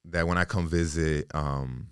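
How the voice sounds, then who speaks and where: A young man as a podcast guest in casual interview chat, loose and animated with lots of "like". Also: very deep voice, unhurried, smooth, dry recording, studio quality. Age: young adult.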